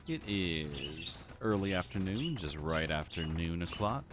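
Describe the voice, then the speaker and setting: Low-voiced rambling male game streamer. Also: animated, unhurried, music in the background. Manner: rambling, repeats phrases and restarts. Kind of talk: casual live-stream chat.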